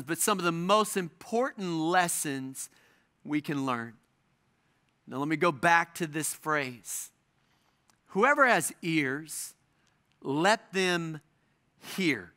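Man, pastor, sermon, bright ringing voice, emphatic repetition, dramatic pauses. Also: high voice.

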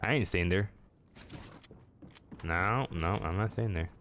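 A young man at home narrates his own video game match with a low, unhurried voice that has a fairly bright tone. He pokes fun at himself and talks to his opponents, and a faint hiss or hum runs under the audio. He hosts a gaming channel.

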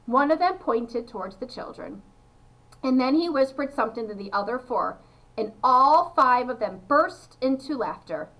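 A woman reading a children's novel aloud to pupils, expressive, with a few slips and restarts. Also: high voice, moderate pace, low-quality recording.

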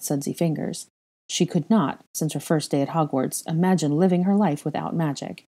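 A woman narrates a story aloud with a low, mellow voice. Her reading is slow and measured, in audiobook style. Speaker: fan fiction reader.

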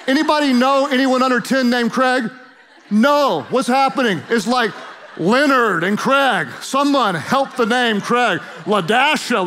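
A man's voice: sits high, fairly bright tone, slight background noise. A middle-aged man preaching a sermon as pastor, playful and emphatic, joking with the congregation in a church. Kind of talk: humorous energetic sermon. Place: church auditorium.

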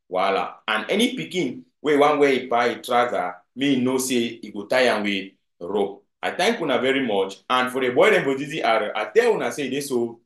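A man's voice: mid-range voice, expressive, fairly quick, hardly any pauses, a bit bright, reverberant. A man with a Cameroonian Pidgin accent giving video commentary, emphatic and often putting rhetorical questions to his audience. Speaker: political commentator.

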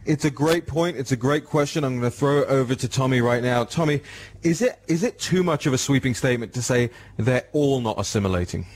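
A man's voice: mid-range voice, lively intonation, brisk, darkish tone. A man with an English accent hosting a talk radio show, speaking emphatically and addressing listeners directly.

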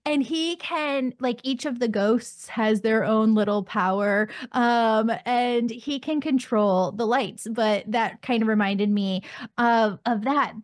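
A woman podcast host talks in a loose, conversational way and fills her sentences with ums and likes. Her voice sits fairly high for a woman. It is recorded close and dry, with no room echo. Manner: chatty storyteller with frequent ums and likes.

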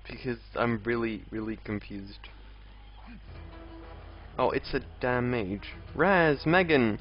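A young man streaming gameplay talks slowly and pauses often in a mid-range voice. He chats with viewers, reads out and replies to chat, and grumbles in exasperation at enemies. The audio is dull lo-fi stream sound with faint game music.

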